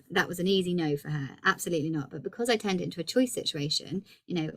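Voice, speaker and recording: Low-pitched woman, 30s, upbeat workshop presenter coaching parents. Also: fast, few pauses. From England. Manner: lively and encouraging, acts out child dialogue. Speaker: early communication practitioner.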